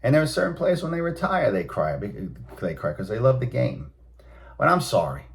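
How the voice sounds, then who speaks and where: A man's voice: medium pitch, very animated, moderate pace, gravelly. A man, hosting a sports talk show and ranting bluntly, with emphatic outbursts. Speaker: host. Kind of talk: opinionated sports talk monologue.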